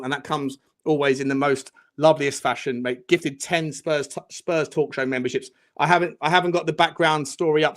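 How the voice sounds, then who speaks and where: A man hosting a casual fan podcast, rattling off warm thank-yous to supporters. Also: on the high side. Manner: rapid, effusive shout-outs to supporters. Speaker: channel host.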